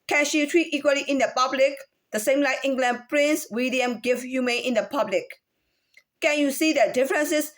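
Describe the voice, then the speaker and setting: A high-pitched woman chats through a casual monologue, halting and restarting often and leaning on fillers. Now and then she demonstrates different speaking tones.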